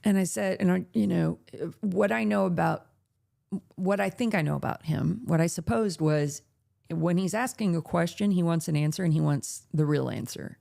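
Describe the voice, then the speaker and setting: A woman's voice: lowish voice, normal speed, gravelly. A woman hosting a late-night chat, telling a story casually and acting out the voices of people she quotes. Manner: animated, acts out quoted voices. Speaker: podcast host.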